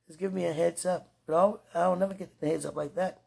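A woman's voice: on the low side, fairly even intonation, fast talker, gravelly, dark tone. A woman recording a rambling, affectionate spoken message to a loved one, laughing often between her thoughts.

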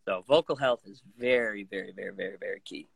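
A man's voice: on the low side, fast, creaky, husky, no room sound. A man who works as a voice actor, chatting casually in an interview and slipping into voices and impressions as he talks. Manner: animated, jumps into voices and impressions mid-sentence. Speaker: voice actor guest.

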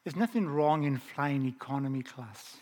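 A man's voice: mid-range voice, normal speed, darkish tone, slight background noise. A middle-aged man preaching a sermon in an earnest, repetitive cadence.

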